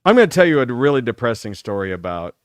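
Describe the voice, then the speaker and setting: A middle-aged man hosting a talk show, telling rambling, profane stories about his school days in a casual, animated way. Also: mid-range voice, quick pace, no echo, clean studio sound. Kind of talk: casual storytelling.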